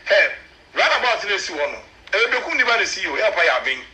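A man with a Ghanaian accent, a chief's spokesman, explaining customs in an animated, emphatic way to a local news camera. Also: high-pitched, rapid-fire, low-quality recording.

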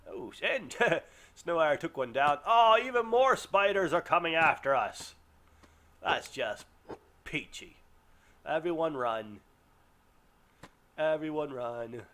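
A man commentating his own gameplay, excitable, yelping and groaning as things go wrong. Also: on the high side, slow. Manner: excitable, yelps and groans at setbacks. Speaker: let's play gamer. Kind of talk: live game commentary.

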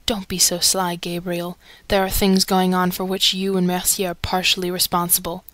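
A woman's voice: fairly low pitch, completely flat delivery, moderate pace, a bit bright, no room sound, close to an everyday voice. A woman reading aloud and voicing an agitated male theatre secretary who exclaims with emphasis, in a storybook. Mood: accusing.

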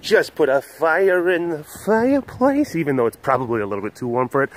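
A man hosting a webcast from an animal compound, talking in a rambling, animated way and cooing at the animals, recorded outdoors on a windy day with a handheld camera. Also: on the high side, fairly quick, few pauses. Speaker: host of an animal facility webcast. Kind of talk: casual vlog chat.

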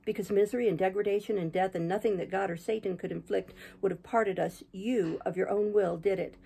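A woman's voice: mid-range voice, steady tone, brisk, gravelly, mellow, breathy edge. A woman reading an anguished, passionate young man, voicing a fierce lover with intense, reproachful words.

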